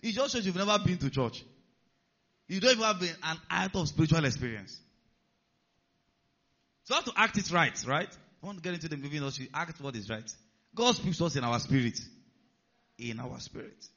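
Animated man preaching. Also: on the high side, brisk, long pauses, highs cut off. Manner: animated, rhetorical questions to the audience. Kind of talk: sermon.

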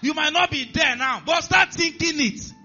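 Nigerian male pastor, bright and forceful delivery, swings from low mutters to shouts, muffled lo-fi recording with faint music behind. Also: normal speed. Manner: animated preaching, acting out characters, rising to shouts. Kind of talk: sermon. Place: church.

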